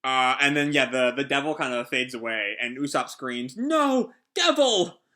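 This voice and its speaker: A man's voice: medium pitch, flat delivery, normal speed, bright, forceful tone. A man who hosts a casual comic reaction, talking in a rambling, hesitant way with many fillers. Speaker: host.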